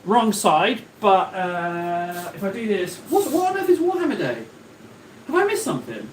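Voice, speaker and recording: Chatty man, high lively voice. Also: normal speed, a little hiss or hum. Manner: rambling, jokey, chatty, talks to chat directly. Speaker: livestream host. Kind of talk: casual live-stream chat with viewers.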